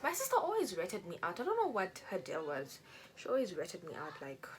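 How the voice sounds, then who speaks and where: A young South African beauty vlogger does her makeup while telling a personal story in chatty get-ready-with-me style. She's animated, acting out quotes in a raised voice, and speaks fairly quickly in a mid-range voice.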